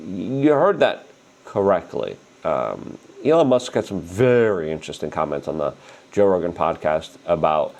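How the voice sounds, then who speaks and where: A man hosting a political commentary show, animated and indignant, talking with strong emphasis. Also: low-pitched. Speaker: host.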